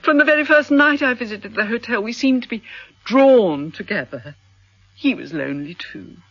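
An actress playing a wealthy middle-aged widow in a radio drama, effusive, melodramatic and sentimental. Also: female voice, a little high, animated, moderate pace, slightly rough, no echo. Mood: gushing. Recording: dull lo-fi radio broadcast.

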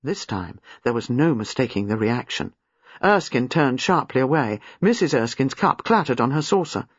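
A man narrating a novel in an expressive, lively reading. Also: a little high, normal speed, slightly rough, no echo. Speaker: audiobook narrator. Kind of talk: scripted narration. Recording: slightly muffled, dry.

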